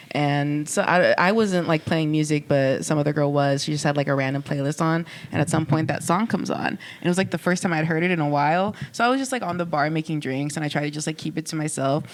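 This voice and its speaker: A young woman co-hosting a casual podcast, telling a personal story in a quiet, reflective way and quoting people in a high voice. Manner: reflective storytelling, drops soft and low, then bursts into laughing high quotes. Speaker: podcast co-host. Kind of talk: casual chat.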